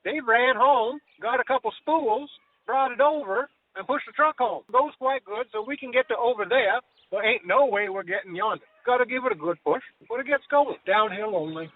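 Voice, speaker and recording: A man's voice: moderate pace, hardly any pauses, no room sound. An actor playing a cheerfully clueless backwoods man who rambles in rural grammar and whoops between sentences. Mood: bewildered. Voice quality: high squeaky voice with folksy "whoop" exclamations. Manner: rambling rural grammar, says "ain't" and "yonder". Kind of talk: improvised comedy character. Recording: tinny phone-like audio with faint hiss.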